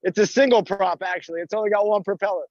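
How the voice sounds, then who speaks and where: A man's voice: high-pitched, fairly even intonation, fast talker, darkish tone, no echo. A man leading a live outdoor workout class as fitness coach, encouraging and talking through each move as he exercises, recorded on a phone in a park. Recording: dull dry lo-fi phone audio.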